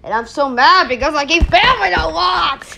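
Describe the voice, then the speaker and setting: A woman hosting a casual gameplay video, excitable, yelling and laughing as she plays. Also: sits high, unhurried, vocal fry, a little hiss or hum. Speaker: gaming video host.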